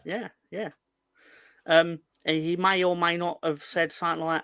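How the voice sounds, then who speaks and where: A man hosting a casual live chat, reading out viewer comments in a playful, rambling, excitable way. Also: a little high, normal speed, smooth, no echo. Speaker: host.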